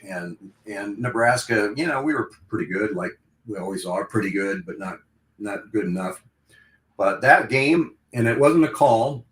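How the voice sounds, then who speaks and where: Deep-voiced older man telling stories, echoey room. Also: a bit bright. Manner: rambling, reminiscing with restarts and laughs. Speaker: guest, longtime radio play-by-play broadcaster. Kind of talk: casual podcast interview, storytelling.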